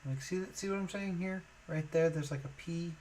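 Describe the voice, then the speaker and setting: A man's voice: a little high, normal speed, darkish tone, slight background noise, poor audio. A man streaming a puzzle game, thinking aloud in a musing, hesitant way with many fillers.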